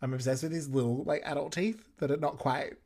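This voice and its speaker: A man's voice: on the high side, steady tone, brisk, a little mellow. A man hosting a watch-along episode commentary podcast, sarcastic and playful, talking back at the screen. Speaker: podcast host.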